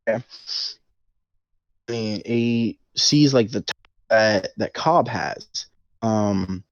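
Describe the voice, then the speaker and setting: Casual podcast co-host, lowish male voice, chatty plot recap, dry lo-fi sound. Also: slow pace, a little hiss or hum. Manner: rambling recap with many fillers and acted-out quotes. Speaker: podcast co-host leading the movie breakdown.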